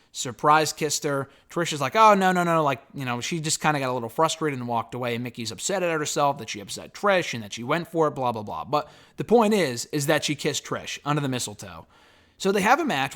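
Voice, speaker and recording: Lively chatty man with a raised pitch. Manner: loose and chatty, fond of "blah, blah, blah" and casual swearing. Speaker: wrestling show reviewer. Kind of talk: casual spoken recap and review.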